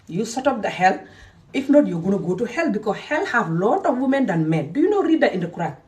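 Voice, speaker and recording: A woman's voice: medium pitch, very animated, quick pace, darkish tone. Scolding woman ranting at a distance. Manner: scolding and confrontational, repeating points. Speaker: social media commentator. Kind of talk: angry vlog rant.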